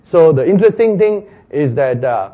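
A man preaching an animated, playful sermon retelling, laughing at his own jokes. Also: fairly high pitch, normal speed, phone-quality sound.

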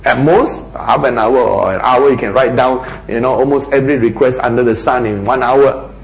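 A man preaching a sermon, asking rhetorical questions and dropping to a hushed voice for emphasis. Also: mid-range voice, moderate pace, vocal fry, reverberant, rough recording.

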